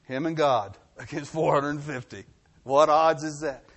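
High-voiced preacher swinging loud to hushed. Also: male voice, steady tone, a little slow. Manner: reads scripture then preaches with rising and falling intensity; drops to a low hushed voice for emphasis. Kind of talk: sermon. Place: New Mexico.

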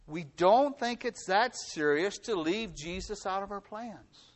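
A pastor in middle age preaches, layering repetition to make his case while swinging from loud to quiet and hushed. The voice sits high, with lively intonation and an unhurried delivery.

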